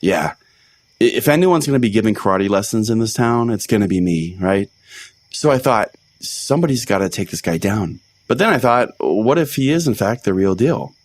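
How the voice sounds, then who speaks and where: A man's voice: lowish voice, expressive, normal speed, no echo. A man voicing a pompous, self-righteous, hotheaded small-town pastor in a comedy podcast sketch. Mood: boastful storytelling. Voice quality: pompous, blustering. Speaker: host.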